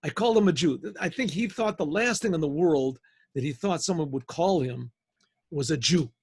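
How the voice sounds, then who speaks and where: A man's voice: fairly high pitch, moderate pace, husky, dry recording. A man, a rabbi, telling a story in a rambling, conversational way with many restarts, speaking over a video call. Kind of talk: storytelling talk.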